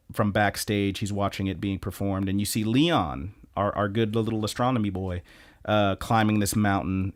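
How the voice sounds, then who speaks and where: A man co-hosting a podcast, recapping anime episodes in a lively, casual way with lots of ums and restarts. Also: fairly low pitch, no echo, clean studio sound. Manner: animated retelling, many ums and restarts. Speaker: podcast co-host.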